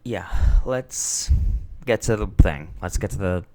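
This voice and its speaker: A man's voice: low voice, animated, takes it slowly, warm tone. A man in his twenties chatting casually through a wrestling review, rambling with lots of fillers, swearing now and then and getting emotional. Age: 20s. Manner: emotional, sentimental.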